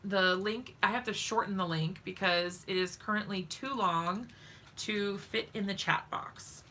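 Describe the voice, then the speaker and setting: Woman, live-stream craft host, casual and giggly with the chat; bright voice, vocal fry. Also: medium pitch, measured pace, slight background noise. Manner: chatty, giggly, talks to viewers in chat.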